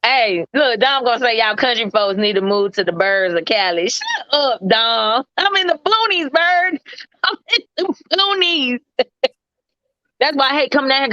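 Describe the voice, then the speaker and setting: A woman's voice: a little high, pushed and bright, no echo, dull audio. A woman from Mississippi, chatting casually and laughing as she talks. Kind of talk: casual chat.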